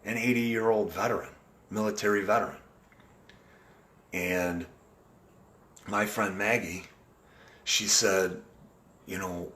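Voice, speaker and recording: A man's voice: fairly low pitch, fairly even intonation, slow, pauses often, a bit bright. A man hosting a casual live video chat, talking in an earnest, rambling way with frequent restarts. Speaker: live-stream host.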